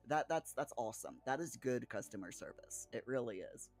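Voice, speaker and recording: A man's voice: mid-range voice, expressive, brisk, creaky, a little mellow, faint music behind. Chatty man answering his viewers. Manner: rambling, with frequent restarts and chuckles. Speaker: streamer reading chat. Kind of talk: casual chat.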